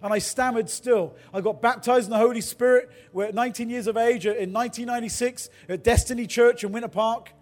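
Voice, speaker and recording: A middle-aged man preaches with a fairly high voice, moving from easy personal stories into fervent exhortation. A faint music bed plays softly beneath his sermon. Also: steady tone, fast, few pauses. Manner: storytelling, then builds to fervent exhortation. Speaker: pastor.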